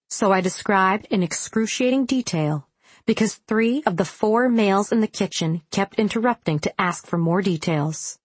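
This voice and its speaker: A woman's voice: on the low side, slightly rough, dry recording. A young adult woman reading a first-person audiobook with a wry, self-deprecating tone.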